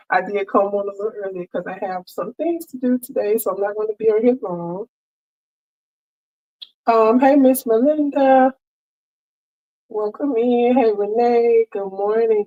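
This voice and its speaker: A woman's voice: a little high, poor audio. A woman hosting a casual sewing livestream, chatty and friendly, greeting viewers by name, on a headset mic. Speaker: livestream host, sewing crafter. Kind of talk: casual live-stream chat greeting viewers.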